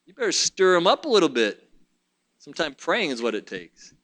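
A man's voice: fairly high pitch, very animated, brisk, a bit bright. A man preaching a sermon, fervent and repetitive, talking straight to his congregation.

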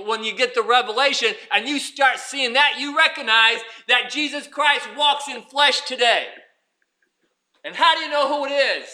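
High, bright-voiced male preacher. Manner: preaching with swings from loud to hushed. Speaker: pastor. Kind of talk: sermon.

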